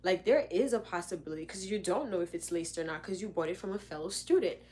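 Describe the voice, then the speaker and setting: A young woman telling a story in a casual, animated way, acting out what people said. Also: fairly low pitch, fast. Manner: animated, dramatic retelling with lots of "like". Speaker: vlogger.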